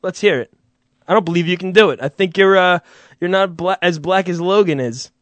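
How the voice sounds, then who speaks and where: A man's voice: sits high, brisk, no room sound. A man hosting a casual comedy chat, teasing his guests and laughing often. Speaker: host.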